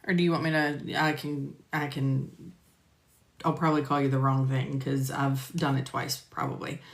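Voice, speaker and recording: A woman's voice: very deep voice, little pitch movement, normal speed, vocal fry. A woman teaching medical coding, chatting casually on a live stream and answering viewers by name with lots of fillers. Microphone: phone or computer mic on a live stream. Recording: roomy echo.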